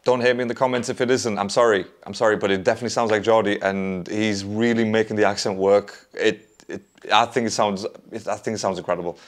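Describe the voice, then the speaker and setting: A man's voice: lowish voice, fairly even intonation, quick pace, hardly any pauses. A man hosting a music reaction, chatting casually and rambling, with lots of "like" and restarts.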